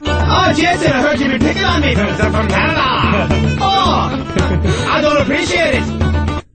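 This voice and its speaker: A radio host putting on a shrill, sing-song voice to play an overeager Canadian man in a comedy bit. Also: big pitch swings, measured pace, echoey room, far from the mic, loud music behind the voice, full character voice. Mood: mocking. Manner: squealing, exaggerated sing-song.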